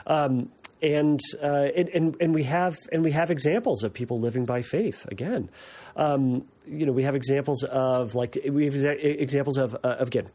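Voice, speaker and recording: A man's voice: medium pitch, normal speed, warm tone. A man hosting a podcast, talking casually and explaining things with lots of fillers and restarts. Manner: conversational, many fillers and restarts. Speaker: podcast host.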